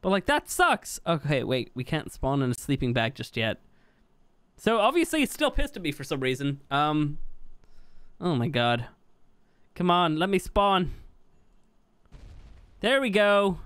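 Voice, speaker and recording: A young man giving casual gameplay commentary, chatty and exasperated, with sudden high-pitched yelps of surprise. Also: big pitch swings, unhurried, pauses often, fairly bright tone, smooth, no echo. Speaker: gaming YouTuber.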